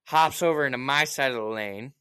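A man with a bright, forceful voice tells a story in casual chat as a profanity-laced rant. He is animated and slips into mocking asides as he goes. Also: medium pitch, fairly quick, clean tone.

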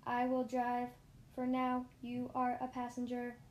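A calm, polite female robot car speaks slowly and formally, as a woman reading a storybook puts her on. Each word is measured and even. The voice sits a little high. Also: roomy sound, slight background noise, close to an everyday voice. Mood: commanding. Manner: slow, measured, formal speech.

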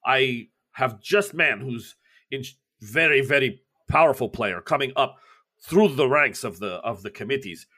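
A man voicing an excitable Russian party host with a put-on Russian accent and grand, raised delivery. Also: medium pitch, measured pace. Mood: effusive.

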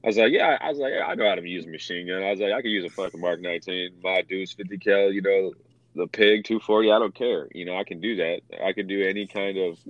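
A man's voice: sits low, fast talker, no room sound, highs cut off. A young man, a former Marine, telling stories in casual, profane talk and acting out the voices of others. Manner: animated, acts out quotes with swearing. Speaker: veteran guest telling war stories.

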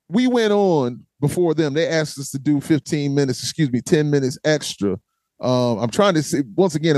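A man hosting a fan Q&A, telling lively stories about his band's tours in a casual way, often calling people "man" and acting out voices and chants. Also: a little high, no room sound. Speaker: host answering fan questions; former vocalist of a metal band. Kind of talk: casual storytelling Q&A.

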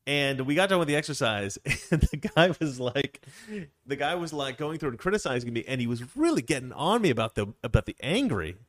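Very animated and talking a little fast, a medium-pitched man co-hosts a laid-back chat on a dry recording. His stories run long and wander, with frequent restarts and fillers.

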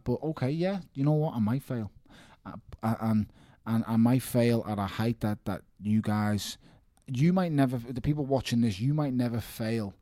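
A man's voice: medium pitch, moderate pace, few pauses, warm tone, no room sound, clean studio sound. A man, talking emphatically in a casual interview, repeating himself and calling people mate. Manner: emphatic, repeats words, calls listener mate. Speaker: professional boxer, guest.

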